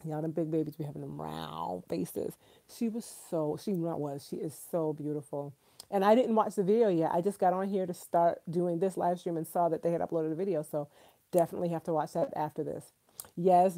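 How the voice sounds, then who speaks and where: Excitable woman chatting on a live stream, kinda low warm voice, gushing to viewers. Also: moderate pace. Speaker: vlogger hosting a live stream.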